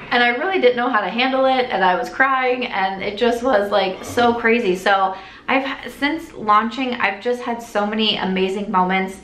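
A woman's voice: on the high side, normal speed, fairly bright tone, slight background noise. Chatty young woman vlogging makeup. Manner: rambling, lots of "like" and restarts, earnest. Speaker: beauty vlogger. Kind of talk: chatty get-ready-with-me vlog. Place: at home doing makeup. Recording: echoey room.

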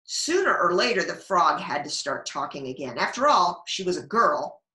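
Woman, librarian, storytime reading, animated pitch, roomy echo. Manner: slow, expressive read-aloud. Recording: echoey room.

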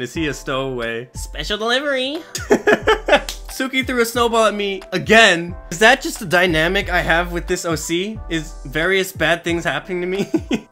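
A man's voice: high voice, pushed and bright. A man hosting his channel, giving playful, enthusiastic commentary on fan art and chuckling often. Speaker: channel host judging an art contest. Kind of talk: casual commentary.

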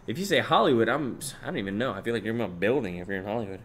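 Racing along in a lowish voice, a twenty-something streamer reads his chat aloud, swearing occasionally and shouting out viewers' names and locations with animated energy. A little hiss or hum sits under the audio.

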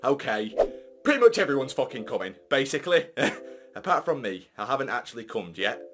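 A man's voice: mid-range voice, sing-song, brisk, fairly bright tone, soft background music. A young man vlogging casually, crude and joking, swearing constantly. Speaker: YouTuber. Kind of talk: casual vlog.

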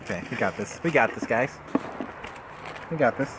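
A man's voice: mid-range voice, lively intonation, moderate pace, background noise. A young man vlogging as he unboxes a subscription box, rambling and jokey, often correcting himself. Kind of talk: casual unboxing vlog.

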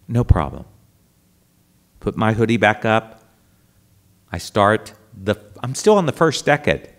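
A man's voice: fairly low pitch, very animated, a little slow, pauses often. A middle-aged man, a priest, telling a comic travel story to an audience and acting out the dialogue. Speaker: priest and speaker.

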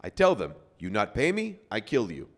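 A man's voice: on the low side, wildly swooping pitch, normal speed. A man voicing a scary old male Russian enforcer, with a Russian accent and blunt broken English. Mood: menacing.

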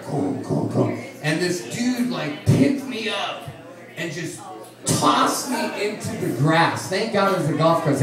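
Rambling profane man telling a story. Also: high voice. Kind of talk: live storytelling on stage. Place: bar venue with audience. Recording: echoey room, distant mic, crowd noise.

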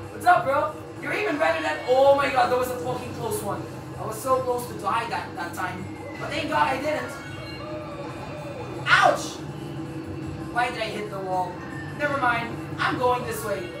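A woman commentating her racing game play, excitable, swearing and yelping. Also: high-pitched. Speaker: gaming channel host. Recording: roomy, distant from mic. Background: game music.

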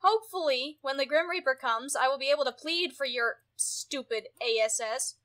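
A woman giving casual gameplay commentary, exasperated and often yelling at her characters. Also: high-pitched, normal speed. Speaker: gameplay streamer.

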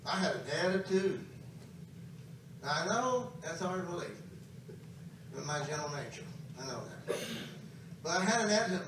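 A man's voice: high-pitched, expressive, normal speed, long pauses, fairly bright tone, slight background noise. A man preaching a camp meeting sermon, emphatic and calling out to his congregation. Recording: very echoey hall, distant mic.

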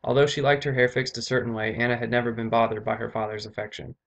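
Male author narrating his fantasy novel, steady plain reading. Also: mid-range voice, quick pace, gravelly. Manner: steady reading with occasional self-corrections. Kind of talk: book reading aloud.

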